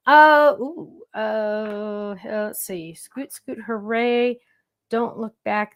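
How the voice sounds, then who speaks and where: A woman hosting a live craft demonstration, chatting playfully with viewers in the chat as she works. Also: on the high side. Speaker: crafting show host.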